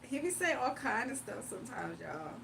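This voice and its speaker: A woman's voice: fairly high pitch, big pitch swings, moderate pace, gravelly. Playful laughing streamer woman from Virginia. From Virginia, USA. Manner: laughs often, loose and playful. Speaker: livestream host. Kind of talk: casual livestream chat reading comments. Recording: mic a bit far off, faint room noise.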